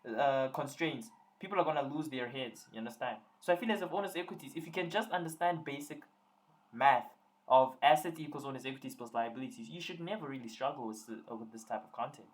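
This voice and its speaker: A man's voice: mid-range voice, a little fast. Young male tutor, jokey and teasing, running a live online lesson. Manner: playful, teasing, joking with students.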